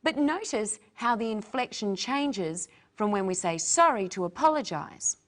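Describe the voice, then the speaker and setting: Slow, clear woman teacher. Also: mid-range voice, lively intonation. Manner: clear, carefully modelled phrases for repeating. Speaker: English teacher, co-host. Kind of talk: scripted language lesson.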